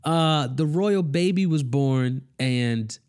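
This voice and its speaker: A man's voice: fairly high pitch, takes it slowly, darkish tone, clear, resonant tone. A man ranting in a casual monologue, profane and exasperated. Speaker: commentator. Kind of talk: casual rant.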